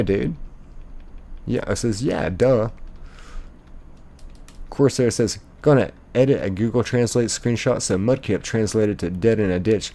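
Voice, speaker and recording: A man's voice: fairly low pitch, vocal fry, mellow. A young man, live-streaming a game and playfully reading viewer chat aloud, laughing often.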